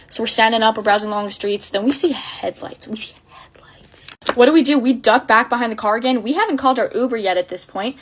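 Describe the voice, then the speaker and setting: A young woman tells a wild personal story in a casual, dramatic way, packed with fillers. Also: mid-range voice. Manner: breathless, dramatic retelling full of fillers.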